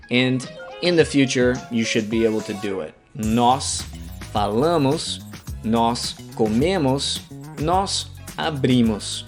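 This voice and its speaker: A man from Alabama with a Southern American accent, teaching a beginner language lesson patiently, spelling out words and repeating examples. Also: mid-range voice. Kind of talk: scripted beginner grammar lesson. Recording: faint guitar music underneath.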